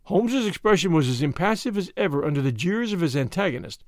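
A man narrates an audiobook with measured, expressive storytelling. His voice is high and very animated in pitch. The recording is dry and close. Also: dry recording. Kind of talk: scripted narration.

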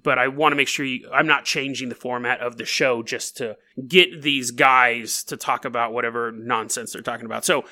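A man hosting a paranormal news podcast, telling stories in an animated, jokey way and acting them out. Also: a little high. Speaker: podcast host. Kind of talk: comedic paranormal news monologue.

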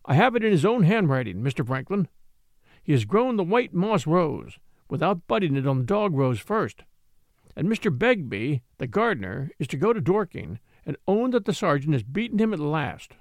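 A man's voice: a little high, big pitch swings, normal speed, no room sound. A man reading an audiobook, voicing an elderly male servant who is stern, proud and stubborn. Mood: insistent. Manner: stern, insistent pleading.

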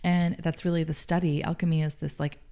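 A woman's voice: low voice, little pitch movement, fairly quick, dark tone. A woman in her late thirties, speaking earnestly as an interview guest, often using "like" as a filler. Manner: earnest, thoughtful, frequent "like" fillers. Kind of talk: casual interview talk.

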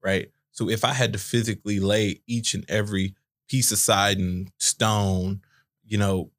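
A man's voice: on the low side, level tone, a little slow, a bit bright. A man in his thirties co-hosting a casual podcast, explaining his points with analogies. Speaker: podcast co-host. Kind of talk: casual chat.

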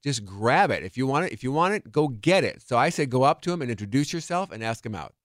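A man co-hosting a podcast, giving opinions in casual, animated chat. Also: mid-range voice, quick pace, no echo, clean studio sound. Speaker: podcast co-host.

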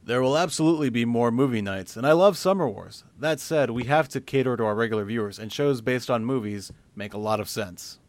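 A man's voice: mid-range voice, a little fast, few pauses, dry recording. A man co-hosting a casual podcast, joking around and reading listener questions aloud. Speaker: podcast co-host.

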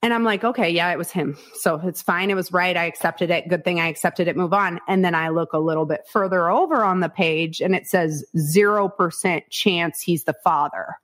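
A woman's voice: fairly low pitch, moderate pace, hardly any pauses, a bit bright. A woman from Iowa, a podcast guest, tells her story frankly and with animation, acting out quotes, swearing and laughing often. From Iowa, United States. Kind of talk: candid storytelling interview.

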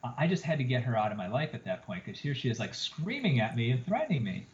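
A man who is a plastic surgeon, telling an animated story as a guest on a podcast interview. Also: mid-range voice, fast talker, crowd noise. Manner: animated storyteller, acts out quoted lines. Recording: roomy, slightly dull podcast audio.

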